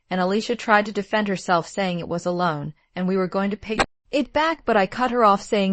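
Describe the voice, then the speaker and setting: A woman calmly narrating a first-person story in a steady, measured way. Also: medium pitch, no echo.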